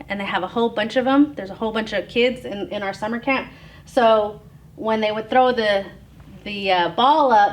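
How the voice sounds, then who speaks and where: A middle-aged woman from Oklahoma giving an informal lecture on tribal culture, relaxed and chatty, with frequent ums and light laughter. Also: medium pitch. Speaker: educator presenting on tribal culture.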